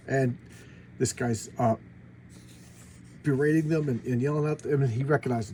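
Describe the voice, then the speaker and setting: A man's voice: mid-range voice, steady tone, moderate pace, pauses often, mellow, slight background noise, rough recording. Sarcastic rambling man reviewing comics. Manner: sarcastic, rambling, full of restarts. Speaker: comic book video host.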